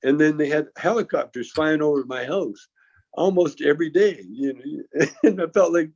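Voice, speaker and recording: A man with a gravelly, somewhat high voice spins a casual story as a guest. He chuckles often and stumbles over restarts. The sound is dull and lo-fi. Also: normal speed, darkish tone. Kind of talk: casual anecdote telling.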